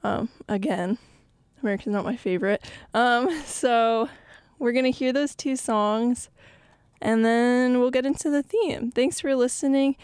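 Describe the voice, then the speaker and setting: Young female radio host, breathless, casual and chatty, crisp dry voice. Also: a little high, unhurried, darkish tone, no echo. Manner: chatty, rambling, many ums. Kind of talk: casual live radio talk. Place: radio studio.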